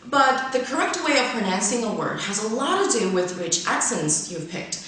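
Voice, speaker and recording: A woman presenting a scripted English lesson, explaining clearly and going through her points in order. Her speech rises and falls with a lively melody. She sounds distant in a very echoey room. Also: medium pitch, normal speed. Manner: clear, structured, lists points one by one. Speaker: host and English teacher. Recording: echoey room, mic far away.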